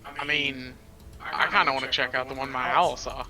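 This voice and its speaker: A man's voice: medium pitch, fairly even intonation, normal speed. A man playing in a tabletop game, easygoing and joking. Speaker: player. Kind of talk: casual tabletop play. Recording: noisy background.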